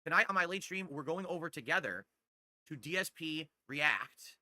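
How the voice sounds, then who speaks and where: A man's voice: on the high side, animated, moderate pace, sharp tone, no echo. A man hosting his livestream, talking into a desktop condenser mic at home and ranting in a brash, boastful way. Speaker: streamer host. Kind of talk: casual podcast-style livestream monologue.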